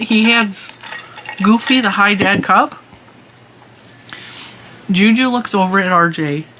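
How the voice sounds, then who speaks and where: Bright, animated woman vlogger, middle-aged, chatty storyteller who laughs easily. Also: medium pitch, a little hiss or hum. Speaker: crochet channel host. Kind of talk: casual chat.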